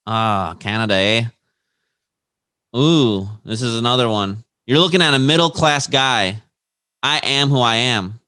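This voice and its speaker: A man co-hosts a laid-back podcast. His voice sits at an ordinary pitch and he chuckles between the lines he reads. The room sounds close and dry, with no echo. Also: measured pace, pushed and bright, clear, resonant tone. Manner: laughs between reading quotes aloud. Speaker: podcast co-host. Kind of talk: casual podcast banter.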